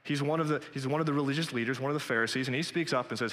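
A man's voice: mid-range voice, very fast, hardly any pauses, fairly bright tone. A man preaching a sermon in an earnest, conversational way that rises to emphatic peaks, in a church sanctuary. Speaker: pastor. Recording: long hall reverb.

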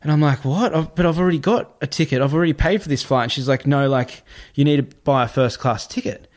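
A man's voice: fairly high pitch, fast. Man telling a long story. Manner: animated, repetitive, swears freely. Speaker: podcast guest. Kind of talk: casual storytelling.

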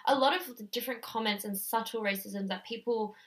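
A woman's voice: on the high side, steady tone, fairly quick. A young woman, co-hosting a podcast in earnest casual chat with long run-on thoughts. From Australia. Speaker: podcast co-host.

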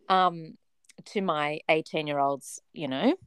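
A woman in her forties telling a personal story in a casual chat, animated and dramatic, often laughing. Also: fairly low pitch, moderate pace, clear, resonant tone, dry recording.

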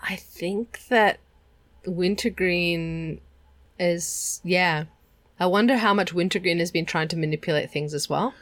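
A woman's voice: lowish voice, measured pace, fairly bright tone. Woman musing in casual chat. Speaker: co-host. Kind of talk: casual discussion.

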